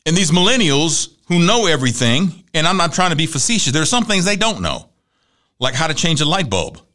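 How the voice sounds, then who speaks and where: Middle-aged man, talk show host, chatty storyteller, lively swinging pitch, bright tone. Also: fairly quick. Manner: chatty, animated storytelling with voiced quotes. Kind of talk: conversational monologue.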